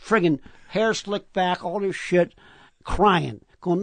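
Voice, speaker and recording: Animated high-voiced New man. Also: takes it slowly, dry recording. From Staten Island, New York. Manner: animated, stammering restarts. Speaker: podcast guest, comedian. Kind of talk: storytelling in a casual interview.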